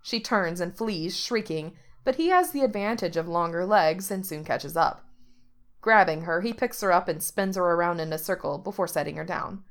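A woman narrating a story aloud with steady, expressive delivery. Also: lowish voice, moderate pace.

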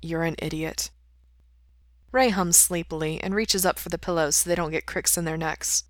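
A woman reading a story aloud in a calm, even way. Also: lowish voice, a little fast, no room sound. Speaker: reader. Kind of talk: storybook narration.

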